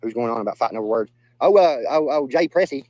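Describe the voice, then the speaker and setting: Brief: young Southern US man, quick, blunt streamer, curses freely, repeats lines, mid-pitched voice. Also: lively intonation, a little mellow, dry recording, rough recording. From Southern United States. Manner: blunt, profane, repeats himself. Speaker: livestreamer reading chat. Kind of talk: casual livestream chat.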